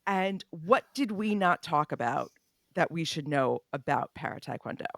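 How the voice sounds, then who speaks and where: Lively woman podcast host, dry sound. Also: deep voice, normal speed, creaky, dry recording. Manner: chatty, expressive. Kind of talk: casual interview chat.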